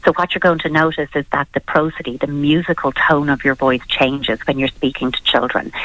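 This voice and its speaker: A woman speaking as a parenting expert on a radio talk show, explaining advice calmly and practically. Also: low voice, dry recording. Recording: dull lo-fi radio sound.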